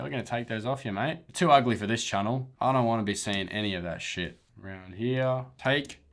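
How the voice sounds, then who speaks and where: Lower-voiced man: blunt photo roaster, swears freely, mocking humor, chuckles at his own jokes. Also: a bit bright. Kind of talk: casual commentary over photo editing.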